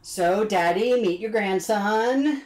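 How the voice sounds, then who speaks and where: A man's voice: high-pitched, slow pace, darkish tone, reverberant. A man streaming a video game, giving jokey, wisecracking casual commentary. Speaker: gaming streamer. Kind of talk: casual let's-play commentary.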